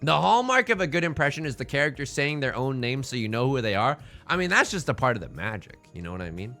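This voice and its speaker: Animated, bright-voiced male streamer. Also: medium pitch, fast, faint music behind. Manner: animated, playful and self-mocking. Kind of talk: casual live-stream gaming commentary.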